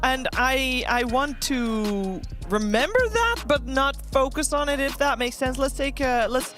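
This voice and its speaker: A woman's voice: high voice, a little slow, a bit bright, faint music behind. A woman leading a live esports desk segment. She sounds cheerful and laughs easily, then settles into talking through the upcoming match. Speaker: esports caster and desk host. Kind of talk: live broadcast desk talk.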